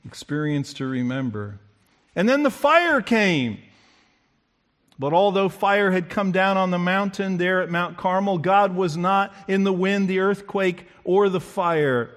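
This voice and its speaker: Male preacher, higher than usual pitch, dramatic delivery, voices the quoted speakers. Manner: dramatic, acts out quotes with big swings in pitch and loudness. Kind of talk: sermon.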